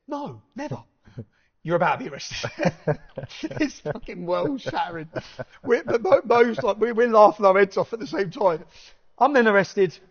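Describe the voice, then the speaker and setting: A man telling an animated anecdote in casual chat, swearing freely and laughing between lines. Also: high voice. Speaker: podcast guest. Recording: dull lo-fi recording.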